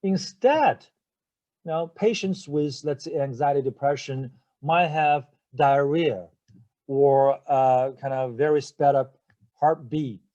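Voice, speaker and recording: Man, lecturer, vocabulary lesson, slow pace, mellow tone, spells words aloud, many fillers. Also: mid-range voice, dull audio. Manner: spells words letter by letter and checks in with "okay?" and "right?"; hesitant, many fillers and restarts. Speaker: English teacher.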